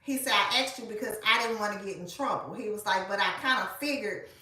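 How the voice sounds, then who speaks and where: A woman, telling a story in a casual, animated way and speaking straight to her listeners. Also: mid-range voice, quick pace, far from the mic. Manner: animated, colloquial, addresses listeners as y'all. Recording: echoey room, voice off-mic.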